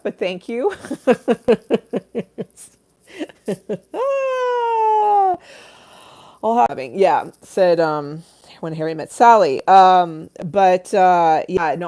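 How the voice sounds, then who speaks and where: A middle-aged woman chats through ghost stories on a livestream, her voice sitting a little low for a woman. She talks casually and laughs often, slipping into other people's voices as she retells what they said. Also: dark tone. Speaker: livestream host.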